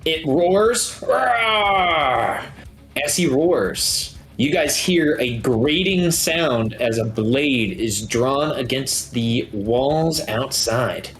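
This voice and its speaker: A man running a tabletop game as game master, talking in a relaxed, halting way with many fillers. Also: mid-range voice, soft background music. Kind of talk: narrating a tabletop game over voice chat.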